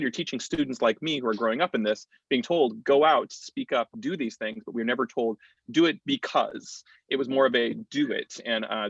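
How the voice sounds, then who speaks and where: An American clergyman in his thirties speaking thoughtfully on a panel, with frequent pauses and restarts. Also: mid-range voice, creaky, a bit bright, breathy edge. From United States. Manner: reflective, thoughtful, many fillers and restarts. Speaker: clergyman and campus chaplain. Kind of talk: panel discussion talk. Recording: dull lo-fi dry sound.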